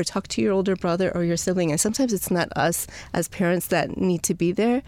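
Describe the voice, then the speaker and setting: A woman's voice: lowish voice, fairly quick, few pauses, darkish tone, no room sound. A woman psychologist speaking as a podcast guest, giving conversational parenting advice with light laughs.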